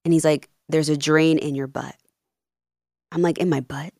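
Low-voiced woman telling a story. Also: normal speed, dry recording, clean studio sound. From Peru and New Jersey. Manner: animated, acts out quoted dialogue. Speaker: podcast guest, life coach. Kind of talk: casual interview storytelling.

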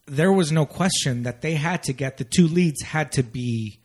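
A man's voice: on the high side, moderate pace, husky. Chatty man co-hosting a podcast. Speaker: podcast co-host. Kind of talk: casual podcast chat.

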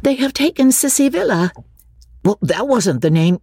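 A woman's voice: high-pitched, big pitch swings, normal speed, mellow, slightly rough, dry recording, clean studio sound, pitched above the performer's own voice, full character voice. A woman voicing a brash, teasing young brother in a dramatic reading of a classic novel.

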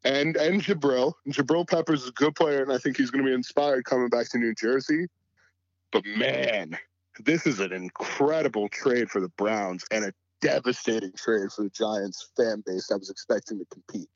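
A man's voice: mid-range voice, normal speed, dry recording, lo-fi sound. A man as a podcast guest in casual sports chat, laid-back and full of "you know" fillers.

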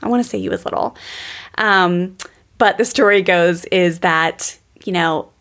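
Gravelly, chatty woman podcast host. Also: on the low side, unhurried, a bit bright. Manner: enthusiastic, chatty, addresses listeners as "you guys". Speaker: podcast host and parenting coach. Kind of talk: casual podcast talk.

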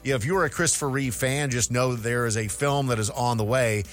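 Steady male radio host running stories. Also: medium pitch, fast, soft background music. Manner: steady, newsy, summarizing stories. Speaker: radio host reading entertainment news. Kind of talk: casual radio chat.

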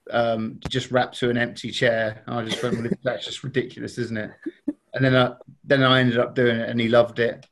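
A man's voice: medium pitch, level tone, normal speed, vocal fry. A man, a podcast guest telling funny anecdotes in a chatty way and laughing as he goes. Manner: chatty, laughing, acts out quoted voices.

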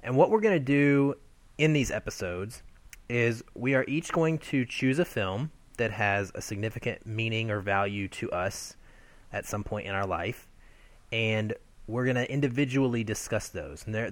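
Guy with a lowish voice hosting a podcast, neat and organized, dry close sound. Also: lively intonation, normal speed, no echo. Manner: orderly, explains the format step by step. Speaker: podcast co-host. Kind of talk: scripted-sounding episode intro.

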